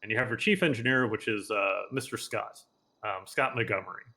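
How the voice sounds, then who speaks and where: A man's voice: fairly low pitch, a little fast, sharp tone. A man playing a senior lawyer in an online roleplay, giving advice in a patient, explanatory way with many filler words. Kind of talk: casual in-character mentoring chat.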